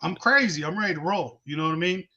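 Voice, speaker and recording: A man's voice: high voice, quick pace, pushed and bright, highs cut off. A man telling a rowdy, profane drinking story in casual chat. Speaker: show host telling a story.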